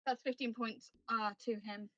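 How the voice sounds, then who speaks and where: A woman's voice: fairly high pitch, steady tone, moderate pace, no room sound. Chatty woman player on a dull mic. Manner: chatty, thinks aloud while checking notes. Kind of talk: casual tabletop game chat.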